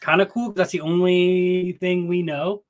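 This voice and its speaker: A man's voice: sits high, steady tone, moderate pace. Playful chatty man hosting a podcast. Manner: playful, jokey, chatty with filler words. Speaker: podcast co-host. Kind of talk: casual podcast chat. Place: small closet.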